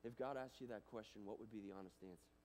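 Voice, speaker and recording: A man giving a chapel talk to students, animated and casual, swinging between loud and hushed, with plenty of fillers. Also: on the low side, fast, a little hiss or hum. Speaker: guest speaker. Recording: reverberant hall.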